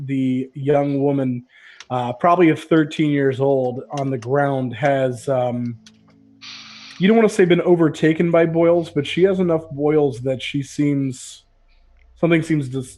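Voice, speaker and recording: A man's voice: mid-range voice, unhurried, darkish tone. A man narrating as game master of a tabletop role-playing game, casual with frequent fillers.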